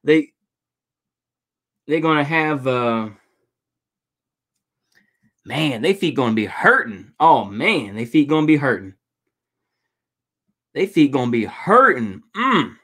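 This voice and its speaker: A man with a medium-pitched, sing-song voice and a fairly bright tone speaks slowly, pausing often. He's a streamer casually reacting to protest footage, rambling and swearing with lots of fillers.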